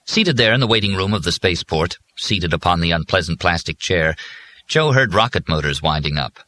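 A man narrating an audiobook in an even, measured storytelling manner. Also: sits low. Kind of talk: scripted narration.

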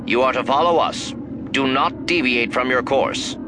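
A man's voice: medium pitch, moderate pace, background noise, natural voice. A man reading an audiobook, voicing a curt, officious male patrol controller giving orders over an intercom. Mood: stern. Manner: clipped, commanding. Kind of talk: audiobook narration.

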